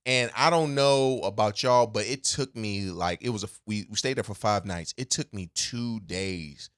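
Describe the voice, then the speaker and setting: With a lowish, slightly bright voice at a moderate pace, this podcast co-host spins a loose, rambling story full of fillers and restarts. He laughs easily throughout the casual chat.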